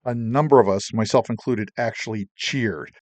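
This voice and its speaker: A middle-aged man, a Navy veteran, casually retelling his own service stories with animated, emotional delivery. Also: fairly low pitch, moderate pace, dry recording. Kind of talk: casual personal storytelling.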